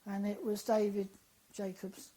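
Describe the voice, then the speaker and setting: A woman, an interview guest, telling a personal story in a lively, animated way and acting out the dialogue she quotes. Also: mid-range voice, a little slow, low-quality recording.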